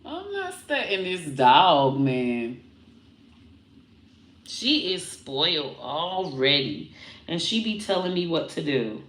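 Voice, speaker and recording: A woman vlogging casually to her viewers, animated and breaking into high baby talk with her dog. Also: slow pace, echoey room. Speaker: comedian vlogger talking about her puppy.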